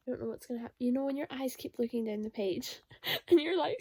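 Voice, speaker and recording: A woman's voice: sits high, fairly even intonation, brisk, creaky, mellow, husky, no room sound. A young woman chatting through a reading vlog, reacting with emotional exclamations. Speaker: book vlogger.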